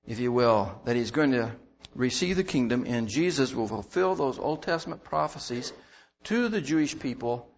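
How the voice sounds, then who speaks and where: A man's voice: mid-range voice, lo-fi sound. A man preaching a sermon in a conversational way, repeating words as he goes and bursting into emphatic lines. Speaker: pastor.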